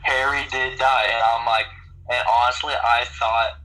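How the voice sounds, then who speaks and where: A man's voice: mid-range voice, fairly even intonation, measured pace, sharp tone, poor audio. A man co-hosting a podcast in casual chat, hesitant, with many fillers and trailing sentences. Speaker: podcast co-host.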